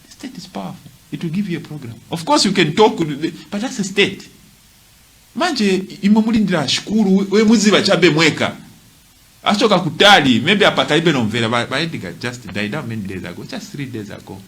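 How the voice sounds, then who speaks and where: A man's voice: a little high, expressive, brisk, a bit bright. A man giving emphatic, impassioned commentary, repeating his points and throwing in rhetorical asides. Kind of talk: impassioned commentary, mixing languages.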